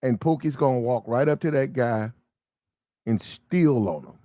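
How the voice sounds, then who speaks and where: A man giving animated storytelling commentary, full of slang. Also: mid-range voice, measured pace, no room sound, studio quality.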